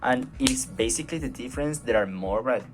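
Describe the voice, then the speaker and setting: A man's voice: medium pitch, fairly quick, soft background music. A man with a Colombian Spanish accent, a native Spanish speaker, giving a hesitant class presentation with many fillers and restarts. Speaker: student presenter.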